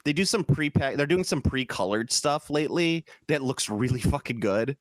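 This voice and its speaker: A man from the American Midwest co-hosting a casual gaming podcast, talking in an animated, profane, jokey way. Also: mid-range voice, moderate pace, no room sound, studio quality. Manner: animated, profane, jokey, slips into mock British voices. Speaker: podcast co-host. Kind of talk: casual chat.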